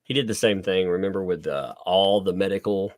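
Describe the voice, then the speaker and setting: A man's voice: low voice, fairly quick, dry recording, studio quality. A man hosting a casual live talk show, joking and laughing often with his co-host. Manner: laughs often, jokey banter. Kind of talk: casual chat.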